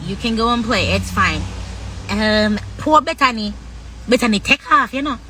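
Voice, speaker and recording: A woman speaking frankly on a livestream, halting often with long pauses as she talks about her own life. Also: fairly high pitch, lively intonation, pushed and bright, a little hiss or hum, poor audio. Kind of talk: candid personal talk.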